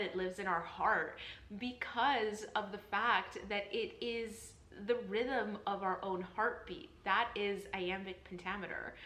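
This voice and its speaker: With slight background noise and a roomy echo, a young actress walks viewers through reading Shakespeare step by step in an explanatory vlog. Her medium-pitched, slightly bright voice stays earnest and encouraging, offering reassurance again and again.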